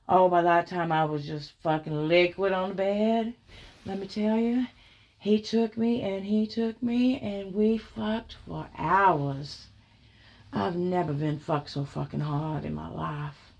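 A woman narrating an explicit erotic story in a slow, breathy, sultry way. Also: mid-range voice, a little mellow, highs cut off.

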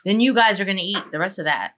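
Woman co-host, bright and animated, pushy in a playful way. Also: mid-range voice, quick pace, a little hiss or hum. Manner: insistent, animated. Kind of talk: casual chat.

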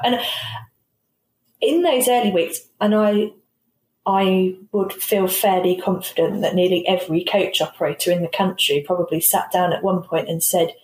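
A middle-aged British woman who runs a coach company, chatting as an interview guest and telling lively stories with frequent laughter. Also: on the low side, moderate pace. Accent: British English. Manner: animated, laughing storyteller who quotes herself. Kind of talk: casual interview chat. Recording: roomy recording with a faint hiss.

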